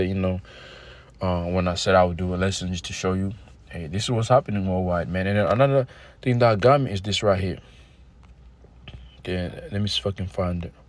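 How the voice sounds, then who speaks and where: A man vlogging in a casual, animated rant, telling street stories full of profanity and quoting scripture. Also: sits low. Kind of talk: casual ranting monologue. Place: Australia.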